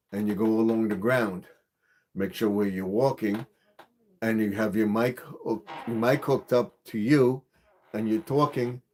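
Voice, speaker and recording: A man's voice: fairly low pitch, a little mellow. A man hosting a gardening channel's live stream, explaining equipment in a casual, repetitive way with many fillers.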